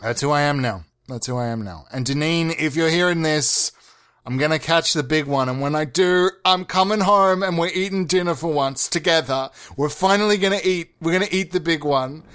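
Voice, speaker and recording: A man's voice: on the high side, normal speed, clear, resonant tone, close to an everyday voice. A man playing a melodramatic fisherman. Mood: rambling earnest. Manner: rambling, deadpan, bursts into overblown drama. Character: earnest, melodramatic male fisherman obsessed with the big catch. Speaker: podcast host. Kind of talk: improvised comedy monologue.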